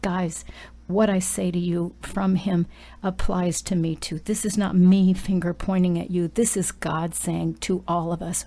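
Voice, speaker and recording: A woman's voice: fairly low pitch, little pitch movement, unhurried, dark tone. A woman preaching a sermon and leading a prayer, exhorting her listeners and dropping at times into urgent whispers.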